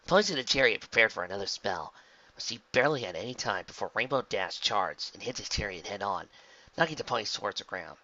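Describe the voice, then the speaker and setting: A man reading a fan fiction story aloud in a plain, steady manner. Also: on the low side, fast, muffled recording. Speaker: narrator.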